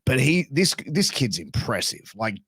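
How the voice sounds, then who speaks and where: A man's voice: medium pitch, measured pace, breathy edge, dry recording. A man hosts a casual podcast chat in a mid-range voice. He swears freely and jumps into quoted voices while telling stories. The sound is dry and close. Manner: animated storyteller, swears freely, acts out quotes. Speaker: podcast host.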